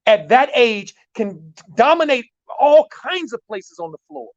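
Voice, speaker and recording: A man, a basketball coach, telling a long story in an animated way, repeating words and using many fillers. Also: extremely high pitch, measured pace. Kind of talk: storytelling in a talk show. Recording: dull lo-fi sound.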